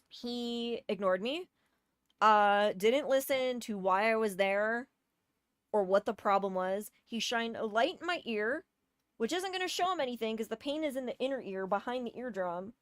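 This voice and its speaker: A woman rants through a personal story with exasperated, emphatic delivery and plenty of swearing. Her voice sits a little high, and the sound is dry and close, with no room echo. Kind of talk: casual storytime rant.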